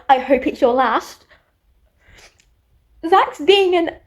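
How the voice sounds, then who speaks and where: A British woman with a bright, high voice recapping a book she is reading. She chats casually and tells the story in an animated, fast-moving way, breaking in with quick asides. Her tone stays lively and conversational throughout. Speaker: book vlogger.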